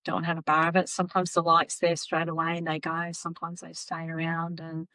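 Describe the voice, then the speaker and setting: A woman's voice: deep voice, fairly quick, dry recording, low-quality recording. A woman telling stories as a podcast guest, acting out the voices of people in them. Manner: animated, acts out voices in her stories. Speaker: podcast guest, psychic medium. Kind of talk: casual storytelling.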